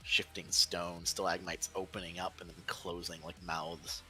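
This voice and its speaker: Man, deep voice, bright tone, game master narration, rambling fillers, headset mic. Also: flat delivery, moderate pace, faint music behind. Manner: loose, descriptive narration with many fillers.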